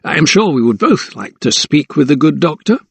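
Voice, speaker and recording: A man's voice: on the high side, very animated, brisk, gravelly, slightly rough, no room sound, pitched above the performer's own voice, exaggerated voice. A man voicing a smug, sly older magistrate in an audiobook, with a drawling, self-satisfied manner. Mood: smug, mocking. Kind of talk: audiobook character voice.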